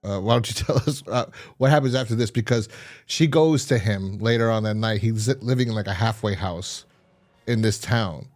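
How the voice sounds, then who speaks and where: A man's voice: fairly low pitch, normal speed. A young adult man co-hosting a casual review podcast, retelling scenes and acting out characters in jumpy voices. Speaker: podcast co-host.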